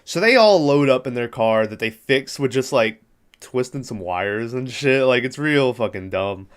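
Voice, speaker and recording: Podcast host, male, smooth clear voice, loose profane plot recap with lots of fillers. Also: mid-range voice, animated, normal speed. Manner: rambling, profane, amused. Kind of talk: casual movie recap.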